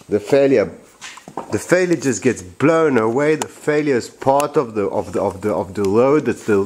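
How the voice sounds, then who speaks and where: A man's voice: medium pitch, darkish tone. A man who builds boats, explaining his boat in a casual vlog and rambling with restarts and repeated phrases, recorded in his workshop. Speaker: boatbuilder.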